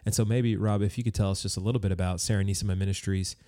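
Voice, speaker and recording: A man's voice: low-pitched, steady tone, rapid-fire, dark tone, no echo, clean studio sound. A man hosting a podcast interview in a friendly, easygoing way, from the United States. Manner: friendly, easygoing, with fillers and restarts. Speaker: podcast host.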